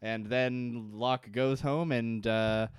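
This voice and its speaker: A man talking casually on a podcast, recapping a show with loose jokes and fillers. His voice is smooth and clear. The sound is close and dry. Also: mid-range voice, steady tone, takes it slowly, dry recording. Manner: jokey, rambling with fillers and restarts, acts out quotes. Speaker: podcast co-host recapping a TV episode.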